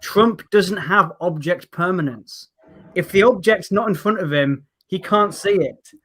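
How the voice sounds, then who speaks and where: A young man on a remote call, telling jokes in a casual chat and mocking himself with deadpan asides. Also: high-pitched, unhurried. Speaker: comedian guest. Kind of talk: casual chat with comic bits.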